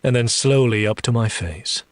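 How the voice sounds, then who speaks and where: A man narrating a dark romance audiobook, reading slowly and seductively and voicing a demon in first person. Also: mid-range voice, dry recording.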